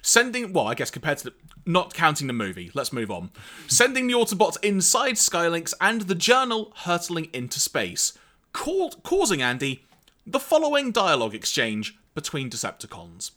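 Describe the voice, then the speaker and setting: Male podcast co-host, wry recapper, bright tone, lively intonation. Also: on the high side, normal speed. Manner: animated, wry, summarizes plot with quoted lines. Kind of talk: casual recap chat.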